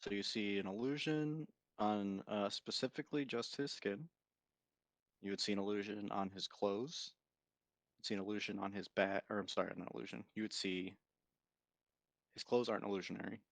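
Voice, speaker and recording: A man with a lowish voice plays a tabletop game, working through details methodically and correcting himself. The recording is dry and close. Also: normal speed, vocal fry, no echo. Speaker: player. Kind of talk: casual tabletop chat.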